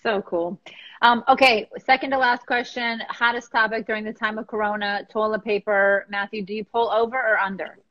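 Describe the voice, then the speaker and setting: A woman hosting an interview, enthusiastic and quick with praise. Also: on the high side, steady tone, bright, forceful tone, highs cut off. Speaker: interview host. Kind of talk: upbeat interview.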